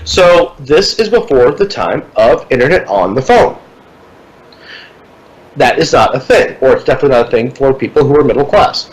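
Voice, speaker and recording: A man in casual podcast chat, telling a long story with lively energy, swearing freely and putting on voices for the people in it. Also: medium pitch, moderate pace, rough recording.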